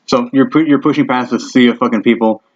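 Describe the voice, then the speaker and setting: A man's voice: mid-range voice, fairly even intonation, quick pace, a little mellow, a little hiss or hum. A man narrating a tabletop game as game master, casual and swearing heavily, in a dull lo-fi recording.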